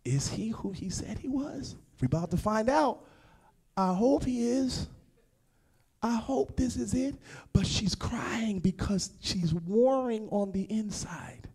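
A man preaching a sermon as pastor, with an American accent, moving from hushed asides to shouted, sing-song passages and calling out to the congregation. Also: high voice, lively intonation, slow pace, slightly rough. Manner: addresses the congregation directly with call-outs. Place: church sanctuary.

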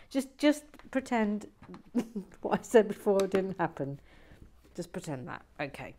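A woman's voice: medium pitch, big pitch swings, slow pace, a little mellow. A woman chatting casually while she builds a toy set and reads out viewer comments, teasing and giggling as she goes. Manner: playful, teasing, giggly asides.

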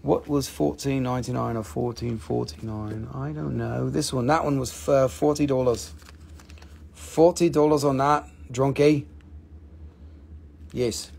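A man hosting a live crystal sale in casual, playful chat. He jokes, gets excited easily and drifts into broken-English sales talk. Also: mid-range voice, a little slow, vocal fry, husky. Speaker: host selling crystals on a live stream.

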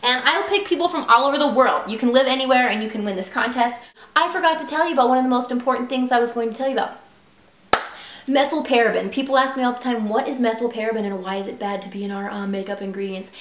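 Chatty woman vlogger gushing about her faves, kinda high voice, says like a lot. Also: quick pace, fairly bright tone. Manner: gushing, chatty, lots of "like" and "super". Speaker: beauty vlogger. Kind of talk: casual product review. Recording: echoey room.

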